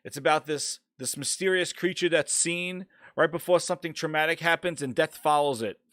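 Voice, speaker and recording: A man hosting a casual gaming podcast, ranting loudly and swearing as he talks through the news. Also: fairly high pitch, moderate pace, no echo, studio quality. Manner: ranting, profane, animated. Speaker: podcast host.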